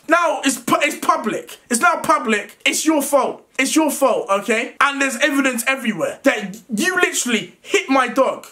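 A young man with a high, sharp voice rants to his viewers in a vlog. He talks in agitated bursts, stumbling and restarting mid-sentence. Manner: agitated, stammering, frequent restarts. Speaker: YouTuber. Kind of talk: emotional vlog rant.

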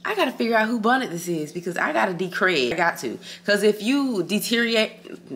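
A woman's voice: mid-range voice, big pitch swings, normal speed, fairly bright tone, a little hiss or hum. A woman chatting casually to her viewers in a hotel room vlog, frank and profane, calling them y'all and friend. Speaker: vlogger. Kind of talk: casual vlog chat to camera.

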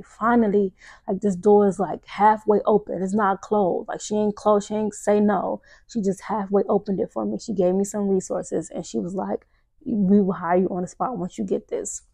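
A woman's voice: medium pitch, creaky, dark tone, dry recording. A young woman hosting a podcast, telling a personal story in casual talk, acting out her own quotes and saying "y'all" often. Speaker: podcast host. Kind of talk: casual testimony to listeners.

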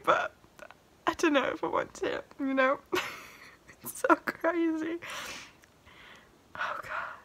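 A young woman cries through an emotional personal vlog about her first song, laughing and tearful, overwhelmed by it all. Her voice is very high and a bit bright, with a steady tone, and she speaks slowly with frequent pauses.

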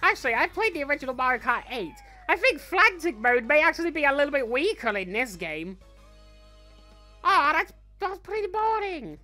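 A man's voice: very high-pitched, big pitch swings, moderate pace, sharp tone, faint music behind, heavily acted. A man voicing a cocky, greedy young male villain, chatting boastfully through in-character gameplay commentary. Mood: playful. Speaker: fan voice actor playing a character.

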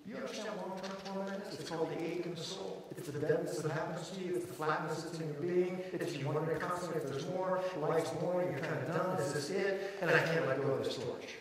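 A middle-aged man preaching a sermon as a pastor, telling stories dramatically and swinging from hushed passages to shouted peaks. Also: fairly high pitch, fast, hardly any pauses, slight background noise. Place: large church auditorium. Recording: echoey hall from far off with crowd.

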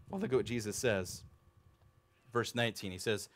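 A man in his thirties preaching a sermon in a church, animated and conversational, often asking the congregation questions. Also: fairly low pitch, moderate pace, long pauses. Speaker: pastor.

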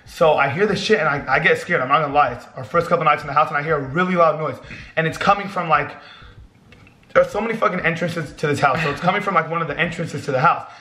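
Excitable young man telling a wild story. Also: fairly high pitch, fast, roomy sound. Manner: excitable, swears a lot, acts out his own shouts. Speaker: vlogger. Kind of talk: animated storytelling.

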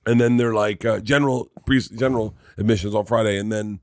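Excitable, swearing comedian, dry sound. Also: male voice, fairly low pitch, brisk, no room sound. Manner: excitable, profane, laughs often. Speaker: podcast guest, comedian. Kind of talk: casual chat.

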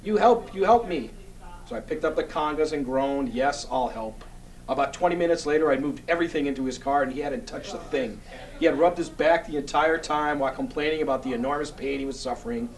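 A man with a slightly high voice hosts a comedy book segment, eager and showy in his delivery. He sounds a little back from the mic. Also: steady tone, fast, far from the mic. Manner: eager, showy, exasperated with partner. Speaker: segment host. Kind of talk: comedy sketch, hosting and reading aloud.

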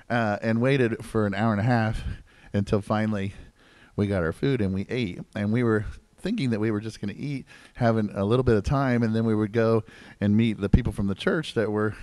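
A man preaching as pastor in a church service, conversational and joking, with asides to the congregation and wide swings between loud emphasis and low asides. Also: no echo. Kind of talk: sermon. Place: church sanctuary.

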